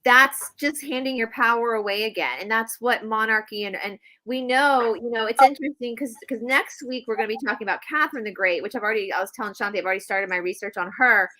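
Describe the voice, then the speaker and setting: A woman co-hosts a casual spiritual talk show. Her voice is bright and fairly high. She drives her points home emphatically and repeats phrases for stress. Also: fast talker, few pauses. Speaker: co-host.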